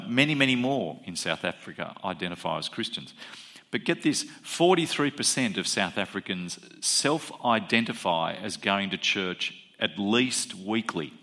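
Bright-voiced pastor. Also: male voice, low-pitched. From Australia. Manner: conversational, with fillers and repeated figures for emphasis. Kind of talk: sermon report to a congregation.

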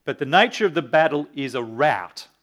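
A man's voice: fairly high pitch, lively intonation, normal speed, a bit bright. Man, pastor, sermon, earnest teaching, reads scripture, asks the audience questions.

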